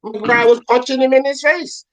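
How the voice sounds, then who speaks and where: A man in a loose boxing debate, pressing his case with blunt, profane emphasis. His voice sits high for a man. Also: steady tone, normal speed, rough recording. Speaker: boxing show co-host. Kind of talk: casual sports debate.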